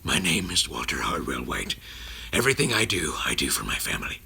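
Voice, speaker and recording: A man doing an impression of a grim middle-aged chemistry teacher turned criminal, in a slow, measured, menacing voice. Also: sing-song, pushed and bright, heavily acted. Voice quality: very deep, gravelly.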